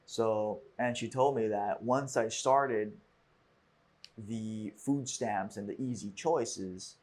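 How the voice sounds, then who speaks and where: A man with a fairly low, slightly husky voice hosts a casual podcast conversation. He talks in a reflective, halting way and often stops and restarts his sentences. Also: darkish tone. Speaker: podcast host.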